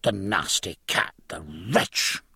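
A man's voice: deep voice, animated, takes it slowly, creaky, bright, forceful tone, breathy edge, dry recording, studio quality, heavily acted. A man voicing an indignant, scolding married woman who gossips.

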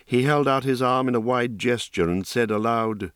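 A man narrating a fantasy audiobook in calm, steady scripted storytelling. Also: mid-range voice, moderate pace, hardly any pauses, clean tone, no room sound, studio quality.

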